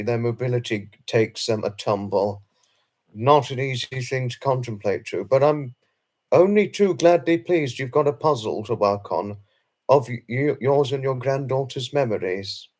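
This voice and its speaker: A man's voice: mid-range voice, darkish tone. Chatty rambling British man hosting. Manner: chatty and rambling, with frequent fillers and self-conscious laughs. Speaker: livestream host. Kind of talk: casual live chat reading viewer comments.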